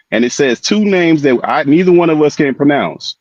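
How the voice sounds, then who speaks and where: A man's voice: a little high, expressive, normal speed, few pauses, a little mellow, no echo. Caller: a pressing, repetitive man, heard over dull, dry online call audio. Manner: pressing, repeats himself, reads aloud. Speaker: guest caller. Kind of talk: heated casual debate.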